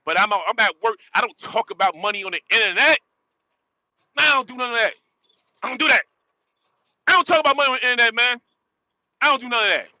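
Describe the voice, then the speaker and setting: A man's voice: very high-pitched, animated, fast, long pauses, pushed and bright, no echo, highs cut off. A man ranting bluntly on a live stream, repeating himself and ending phrases with "man". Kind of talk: casual live-stream rant.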